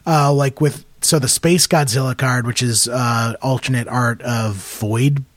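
A man's voice: medium pitch, steady tone, measured pace, no room sound. A man on a podcast as guest, chatting casually and explaining card rules in detail, laughing easily. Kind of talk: casual chat.

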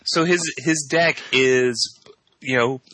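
A man's voice: medium pitch, slow pace, bright, forceful tone, slight background noise, poor audio. A man co-hosting a card game podcast, chatting casually in a joking, rambling way. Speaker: podcast co-host. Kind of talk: casual chat.

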